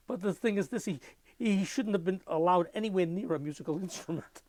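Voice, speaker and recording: An older man giving an oral history interview, telling lively anecdotes and mimicking music with his voice. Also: high-pitched, fairly quick, dry recording.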